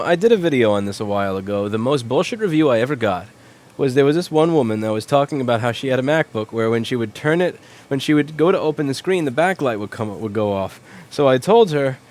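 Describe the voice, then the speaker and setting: A man's voice: medium pitch, expressive, quick pace, darkish tone. A young man hosting a casual livestream, answering viewers' questions in a blunt, rambling, profane way. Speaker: livestream host, repair shop owner.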